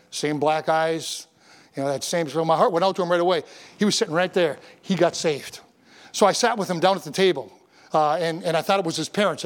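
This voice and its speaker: A middle-aged male pastor with a notably high voice preaches a sermon. He moves from a casual story into emphatic, rising proclamation. He grew up in Michigan.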